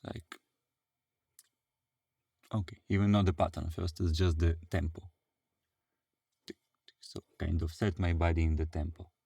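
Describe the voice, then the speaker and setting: A man with a Russian accent teaching handpan in a relaxed way, pausing often with fillers and chanting drum syllables. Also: low-pitched, gravelly, slightly rough, no echo, clean studio sound. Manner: non-native English, hesitant fillers, vocalizes rhythms. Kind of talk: casual music lesson.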